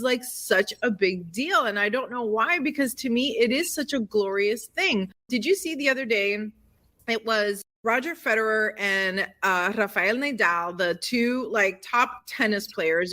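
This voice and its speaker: Bright, chatty middle-aged woman. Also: medium pitch. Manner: chatty and emotional, many fillers like "like" and "you know". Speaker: podcast co-host. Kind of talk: casual chat.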